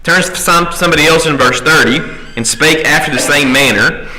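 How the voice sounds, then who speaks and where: Bright-voiced man teaching Sunday school. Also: on the high side, poor audio. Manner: checks in with the class by asking "right?"; reads scripture aloud slowly. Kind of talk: conversational Bible class teaching. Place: church classroom.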